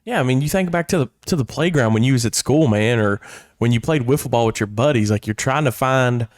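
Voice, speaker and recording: A man's voice: medium pitch, brisk, no room sound, studio quality. An American man co-hosting a sports talk show, chatting casually and calling people "man". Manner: relaxed, says "man" a lot. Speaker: co-host and youth recruiter. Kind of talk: casual podcast chat.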